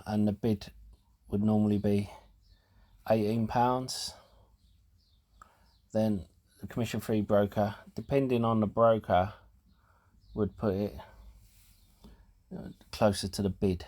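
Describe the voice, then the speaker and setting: A man hosting a casual talk show, explaining things in a halting way with fillers and restarts, and sounding out of breath. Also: fairly low pitch, level tone, mellow. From United Kingdom. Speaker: host.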